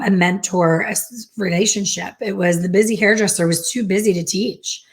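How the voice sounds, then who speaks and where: Animated storytelling woman, lowish voice. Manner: lively, animated, acts out quoted dialogue. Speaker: hair color educator. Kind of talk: personal storytelling to camera.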